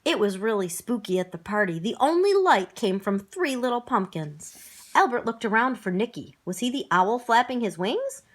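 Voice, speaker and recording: A woman's voice: a little high, sing-song, normal speed. A woman narrating a children's storybook aloud, acting out the characters expressively.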